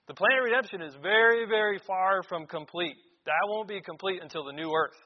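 A man's voice: sits high, fairly quick, big-room sound, muffled recording. A man preaching a sermon in a church, reading scripture aloud and explaining it with emphatic repetition.

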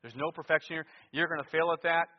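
A man preaching a sermon in a church, moving between loud emphatic lines and quiet asides. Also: fairly high pitch, fairly even intonation, fast. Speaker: pastor. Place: church sanctuary. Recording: muffled sound with long church reverb.

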